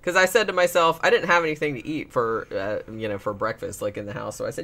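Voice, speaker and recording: Brief: hoarse woman podcast co-host, forceful bright tone, blunt, swears, laughs easily. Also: extremely low pitch, steady tone, fast talker, few pauses. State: hoarse from a cold. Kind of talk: casual chat.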